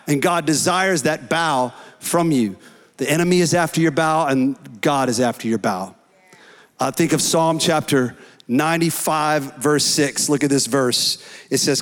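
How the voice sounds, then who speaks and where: Earnest preacher in a reverberant hall. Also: male voice, a little high, moderate pace. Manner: earnest preaching, rising to shouts in prayer. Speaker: pastor. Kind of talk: sermon. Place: church hall.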